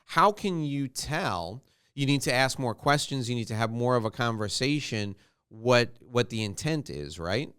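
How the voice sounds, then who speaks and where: A man's voice: mid-range voice, expressive, a little slow, fairly bright tone, clean tone. A man hosting a podcast, asking conversational, probing follow-up questions. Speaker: podcast host. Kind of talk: interview questions.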